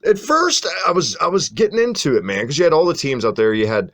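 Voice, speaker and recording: A man's voice: fairly high pitch, huge pitch swings, quick pace, fairly bright tone, no echo, clean studio sound. A man co-hosting a podcast, chatting casually and animatedly about an old wrestling event, swearing freely and rattling off long lists of names. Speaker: podcast co-host. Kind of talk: casual wrestling review chat.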